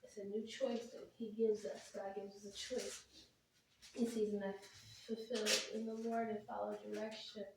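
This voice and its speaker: A woman's voice: mid-range voice, level tone, normal speed, vocal fry, recorded from a distance. Echoey woman preaching an online devotional. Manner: repeats "brothers and sisters", swings between soft murmurs and loud exclamations. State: emotional, holding her chest. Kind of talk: spontaneous devotional message. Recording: very echoey room, voice off-mic, faint noise.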